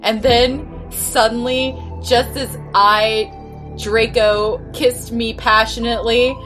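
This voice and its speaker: A woman's voice: a little high, level tone, slow, a bit bright, soft background music. Playful young woman reading aloud. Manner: playful, questioning the story. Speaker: podcast co-host. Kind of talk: comic dramatic reading.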